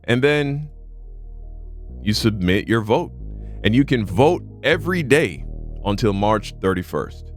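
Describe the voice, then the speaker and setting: A man's voice: fairly low pitch, sing-song, a little slow, long pauses, soft background music. A man hosting a reaction video, with sardonic commentary and an earnest appeal to viewers. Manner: sardonic, then earnest and pleading. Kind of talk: casual commentary.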